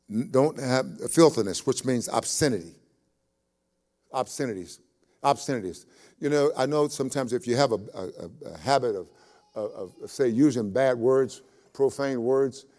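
A man's voice: medium pitch, a little mellow. A man preaching a sermon as a pastor, folksy and repeating phrases for emphasis.

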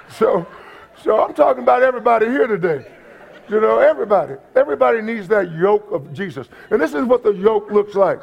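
A pastor with a high, expressive, creaky voice preaches at a brisk clip. The sermon is folksy and humorous, with repetition and asides to the congregation, and the church recording is dull and lo-fi.

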